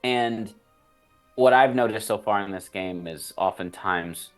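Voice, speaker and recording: A man talking casually as a guest about his tabletop game character, explaining fast with lots of fillers. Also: fairly low pitch, faint music behind.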